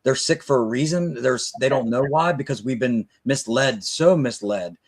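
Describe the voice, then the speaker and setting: A man's voice: medium pitch, normal speed. A middle-aged man hosting a live video call interview, talking eagerly and rambling with many restarts. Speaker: livestream host. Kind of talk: casual interview chat.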